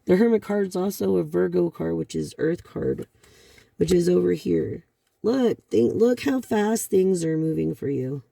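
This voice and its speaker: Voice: medium pitch, lively intonation, a little slow, gravelly, mellow, no room sound. A tarot reader giving a card reading to a viewer, rambling along with many fillers and sighs.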